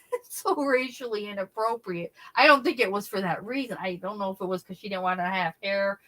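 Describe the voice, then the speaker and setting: A woman's voice: medium pitch, brisk, bright, forceful tone. Middle-aged woman, livestream host, casual chatty storyteller who laughs a lot. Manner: chatty, laughs often, acts out quoted voices. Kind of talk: casual chat.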